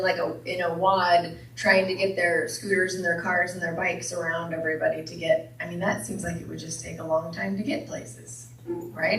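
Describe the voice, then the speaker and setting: A woman's voice: fairly low pitch, vocal fry, a little hiss or hum. A woman minister giving a playful sermon with jokes, often asking the congregation questions. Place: church hall. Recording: echoey hall from a distance.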